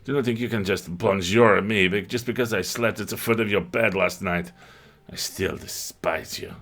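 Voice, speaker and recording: A man's voice: sits low, expressive, moderate pace, creaky, a bit bright, husky, heavily acted. A man voicing a haughty, contemptuous female house cat with a mock-French manner.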